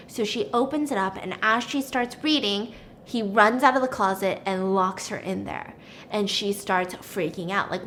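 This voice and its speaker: A woman's voice: high voice, moderate pace. A young woman casually retelling a story while baking for her vlog, acting out the characters and laughing often. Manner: animated, voices the characters in quotes, laughs often.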